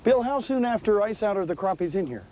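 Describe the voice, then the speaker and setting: A man hosting a fishing show from a boat, chatting excitedly and laughing as he reels fish in. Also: sits high, fast, poor audio. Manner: excitable, exclaiming and laughing while reeling in fish. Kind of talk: casual on-the-water fishing chat. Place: outdoors on a boat on a lake. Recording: 1980s VHS field audio with light noise.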